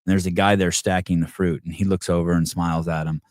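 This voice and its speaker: A man's voice: sits low, little pitch movement, quick pace, darkish tone, no room sound, clean studio sound. A middle-aged man hosting a podcast, telling a story in a loose, conversational way with casual swearing and lots of fillers and restarts. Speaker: podcast host.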